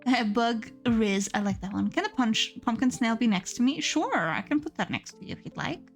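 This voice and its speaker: A playful, giggly woman with a fairly high voice, chatting casually with her live-stream audience and reading out their messages. Soft music plays faintly behind her at her desk setup. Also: animated, moderate pace. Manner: giggly, playful, reads chat aloud.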